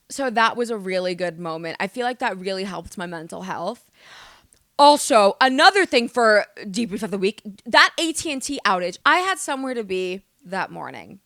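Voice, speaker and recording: Young woman ranting on her podcast, bright sharp voice, kinda high, swears, dry close mic. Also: no echo. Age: young adult. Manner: animated, rambling, swearing, self-mocking. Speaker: podcast host. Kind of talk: comedic solo podcast monologue.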